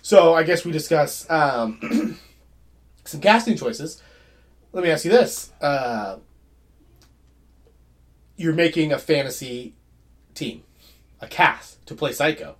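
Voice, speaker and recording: A man co-hosting a casual movie discussion, animated and halting with frequent restarts. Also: on the high side.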